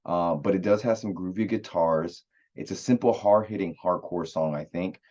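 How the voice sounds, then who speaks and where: Low-voiced man casually reviewing music. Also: moderate pace, a little mellow, highs cut off. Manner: loose and rambling, many fillers and restarts. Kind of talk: casual spoken album review.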